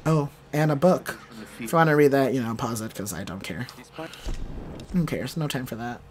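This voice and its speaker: A young adult gaming host giving playful, chatty let's play commentary. The host talks back to the game characters and breaks into excited shouts during fights. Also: medium pitch, normal speed.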